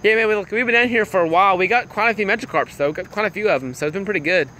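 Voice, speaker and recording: A young man chats to his stream viewers in an excitable, easily amused way, often breaking into laughter. His voice is bright and a little high. Faint night ambience with crickets and passing traffic sits behind him. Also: rapid-fire. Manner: excitable, laughs a lot, greets chat viewers. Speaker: livestream gamer. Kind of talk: casual livestream chat.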